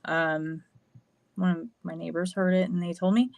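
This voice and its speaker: A woman's voice: fairly low pitch, flat delivery, moderate pace, creaky, a little mellow, dry recording. Candid American woman telling a story. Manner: candid, swearing, lots of fillers. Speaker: podcast guest. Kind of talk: casual storytelling.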